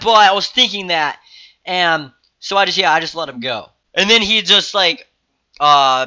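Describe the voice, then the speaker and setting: A teenage boy with a high, very bright, sharp voice rambles through a story for his vlog. He swears constantly and talks with restless excitement. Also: clear, resonant tone. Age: teens. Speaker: vlogger. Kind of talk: casual storytelling to camera.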